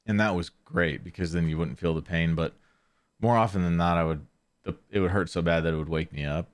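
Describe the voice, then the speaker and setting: A man's voice: low voice, fairly even intonation, fairly quick. A man hosting a podcast, telling a story in a casual, rambling way with lots of fillers and restarts. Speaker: podcast host.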